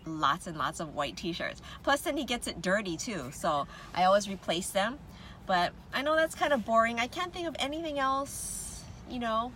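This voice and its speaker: Her fairly high voice is bright and forceful as she livestreams from a parked car, casually greeting her viewers and laughing often. The windows are down, so faint traffic noise can be heard.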